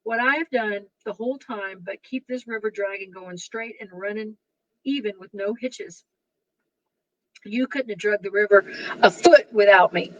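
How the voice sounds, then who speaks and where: A man's voice: high-pitched, normal speed, fairly bright tone, no room sound, lo-fi sound. A woman voicing a young man who grumbles and tries to keep the peace. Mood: defensive. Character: young man, steady friend trying to calm others.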